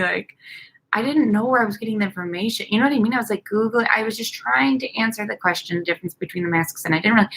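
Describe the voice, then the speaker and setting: A woman's voice: medium pitch, a bit bright. A young woman from Chicago with a Chicago accent, chatting casually in a vlog on an outdoor balcony at night, rambling and upbeat, with lots of fillers. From United States. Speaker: dental hygienist vlogger.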